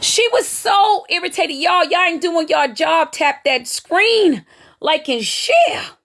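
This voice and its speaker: A very high-pitched woman talks at a slow pace while hosting a live stream. She gleefully dishes gossip about other streamers, animated and drawling in Southern Black vernacular phrasing.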